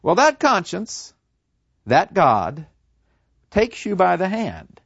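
A man's voice: high voice, wildly swooping pitch, slow, gravelly, fairly bright tone, breathy edge, dry recording, highs cut off, voice pushed up, heavily acted. A man voicing a serene old male philosopher awaiting execution, preaching earnestly and acting out other voices. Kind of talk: dramatic storytelling.

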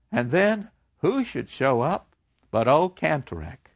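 Brief: an animated man lecturing as a storyteller, expressive pitch, dry muffled sound. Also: moderate pace, vocal fry, dry recording. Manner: animated, acts out the people in his story. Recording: dull lo-fi dry recording.

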